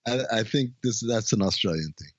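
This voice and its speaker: A man co-hosts a film podcast with a lively, swooping voice, cracking jokes and laughing often. The recording is close and dry, with a slightly muffled tone. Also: on the low side, brisk, no echo. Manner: joking, expressive, laughs often. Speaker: podcast co-host. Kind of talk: casual film review chat.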